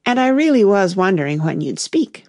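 A woman's voice: mid-range voice, sing-song, moderate pace, darkish tone, no room sound, clean studio sound. A woman reading aloud and voicing a prim, severe talking rose flower with a judgmental manner.

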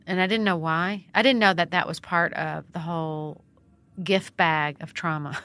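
A woman's voice: fairly low pitch, a little slow. A middle-aged woman, a founder and priest, telling stories in a conversational interview and acting out what people said. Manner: animated, expressive storyteller who acts out quotes. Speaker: guest, nonprofit founder and priest.

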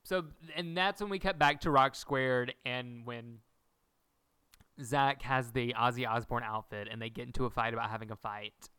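Animated young man with a smooth voice. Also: mid-range voice, moderate pace, dry recording. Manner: animated storyteller acting out quotes. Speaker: podcast co-host. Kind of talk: casual chat recapping a TV episode.

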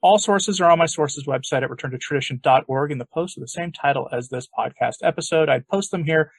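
A man hosts an opinion podcast in a somewhat high, husky voice. He argues his points emphatically, with a sarcastic edge. The sound is dry, with little room echo. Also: brisk. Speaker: podcast host.

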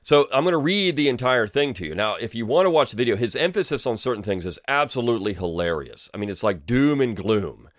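A man's voice: medium pitch, a little fast, few pauses, dry recording, studio quality. A man hosting a history podcast, giving opinionated, sarcastic commentary with many fillers and restarts. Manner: sarcastic, lively emphasis, frequent fillers and restarts. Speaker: podcast host and history teacher. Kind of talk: opinionated commentary reading a script aloud.

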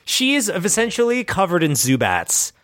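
Animated young-sounding male player, raised pitch, profane, bursts of laughter. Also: moderate pace. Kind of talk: casual tabletop game chat.

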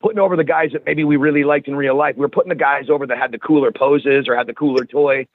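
A man's voice: mid-range voice, quick pace, no echo. Profane man on a tinny line. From Canada. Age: 40s. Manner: profane, animated, restarts words. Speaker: podcast guest, wrestler. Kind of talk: casual storytelling chat.

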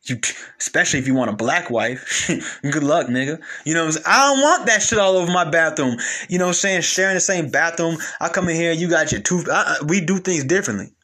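A young man talks straight to the listener in a casual monologue. His voice is bright and sits a little high. He is blunt and animated, circling back on his points with slang and repeated phrases. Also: a little fast. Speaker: commentator.

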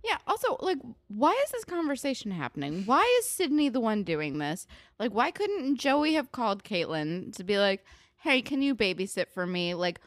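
A woman's voice: fairly high pitch, very animated, normal speed, no room sound. A young woman co-hosting a podcast, ranting casually and sarcastically about a TV episode and swearing freely. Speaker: podcast co-host. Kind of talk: casual chat recapping a TV episode.

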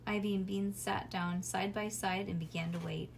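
A woman's voice: mid-range voice, moderate pace, creaky, a little hiss or hum. Woman casually reading a storybook. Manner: casual, lively, with small slips. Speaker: reader. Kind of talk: storybook read-aloud.

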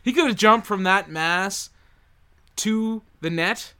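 A man's voice: sits high, takes it slowly, sharp tone, smooth. A man co-hosting a casual podcast, cracking wry jokes and slipping into goofy voices. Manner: wry, jokey, bursts into goofy put-on voices. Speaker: podcast co-host. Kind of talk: casual chat, joking banter.

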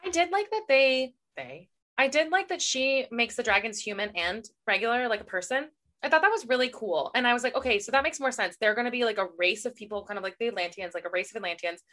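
A woman co-hosting a casual book chat, rambling and expressive, quick to laugh. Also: fairly high pitch. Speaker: podcast co-host.

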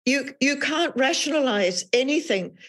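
Woman author guesting on a podcast, reflective, measured, kinda restarts her sentences a lot. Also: high-pitched, expressive, fairly bright tone. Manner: thoughtful, measured, with frequent restarts.

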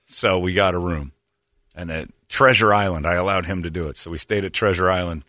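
A man spins comic stories on a podcast and acts out every quote with gusto. His voice sits low but sounds bright and edgy. The sound is dry and close to the mic. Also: a little fast, dry recording. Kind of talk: comic storytelling chat.

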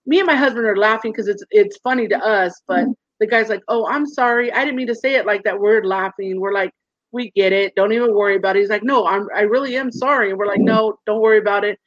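Over a video call, a thirties-aged woman with a medium-pitched voice speaks fast as a guest in a frank interview, earnest and animated, doing voices for the people in her stories. The audio has no echo but sounds dull, muffled, and lo-fi.

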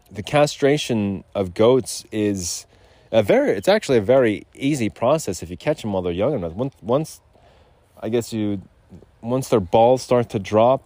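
A man's voice: on the low side, dark tone, no echo. A man hosting a podcast outdoors, rambling in loose, profane, digressive casual chat. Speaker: podcast host. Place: outdoors on a rural lot.

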